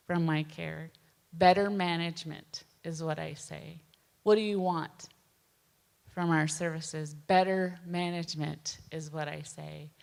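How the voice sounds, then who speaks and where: A middle-aged woman giving a personal testimony, speaking slowly, gently and earnestly with soft pauses. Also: on the low side, vocal fry. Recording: long hall reverb.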